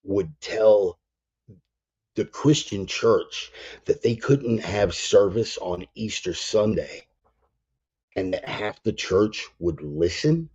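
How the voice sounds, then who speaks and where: Gruff preacher man, dark lo-fi. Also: on the low side. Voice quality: gruff, blunt and slangy. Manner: emphatic, drawls some phrases. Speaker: preacher and show host. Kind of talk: casual spoken sermon. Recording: dull lo-fi sound.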